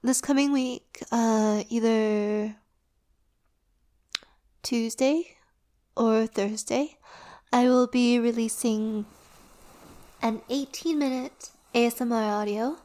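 Woman, drowsy, casual ramble, soft half-whisper, slightly high voice. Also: steady tone. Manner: soft, slow and sleepy, often dropping into a whisper. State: drowsy, lying down. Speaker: audio performer and creator.

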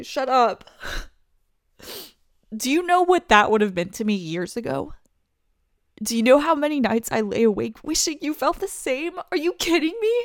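A woman's voice: a little high, no echo, clean studio sound. A young woman voicing a pregnant best friend who confesses her love in an audio role-play, talking emotionally with stammers and laughing through tears. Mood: stunned.

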